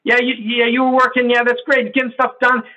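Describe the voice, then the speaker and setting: A man voicing an overexcited, people-loving coworker in a training story, gushing in a high, breathless way. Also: sing-song, moderate pace, bright, forceful tone, husky, dull audio, full character voice. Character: overexcited people-loving coworker who frets when someone is missing.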